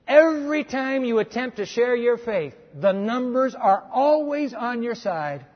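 Husky-voiced man preaching in a hall. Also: extremely high pitch, animated, moderate pace, few pauses. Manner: emphatic, conversational preaching with restarts. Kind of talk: sermon. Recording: dull sound with long reverb of a hall.

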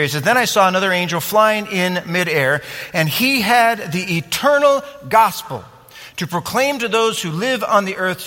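Animated preacher in a reverberant hall. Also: male voice, sits high. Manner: animated, acts out scenes and asks the audience questions. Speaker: pastor. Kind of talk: sermon.

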